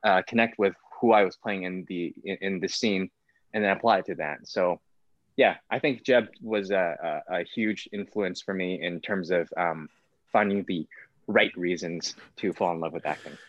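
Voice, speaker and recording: A man's voice: deep voice, moderate pace, dry recording. A man, an actor, talking casually in an interview, rambling with many fillers. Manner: rambling, full of fillers like "like" and "whatnot". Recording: dull, lo-fi sound.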